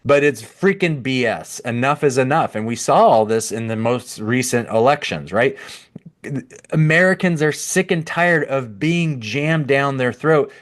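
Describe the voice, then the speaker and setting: A man hosting a podcast, reading from an article and breaking off into sarcastic, animated commentary with mock voices and laughter. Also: medium pitch, measured pace. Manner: sarcastic, animated, laughs at his own jokes. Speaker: podcast host. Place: at a computer.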